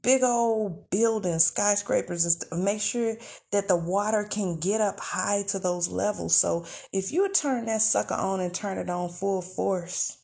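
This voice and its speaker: A woman hosting a podcast, talking in a casual, expressive monologue with laughs and sighs. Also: medium pitch, measured pace, vocal fry. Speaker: podcast host.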